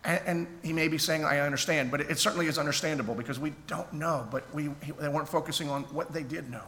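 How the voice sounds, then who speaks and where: Pastor guy preaching, earnest chatty sermon, kinda high sharp voice, echoey church hall. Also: fast talker. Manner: earnest, conversational preaching with restarts. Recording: echoey hall, faint background noise.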